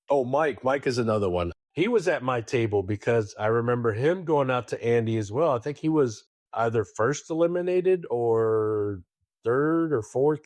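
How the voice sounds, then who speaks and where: A man co-hosting a poker podcast in casual chat, telling stories in an animated way and swearing freely. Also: lowish voice, dry recording. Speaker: podcast co-host.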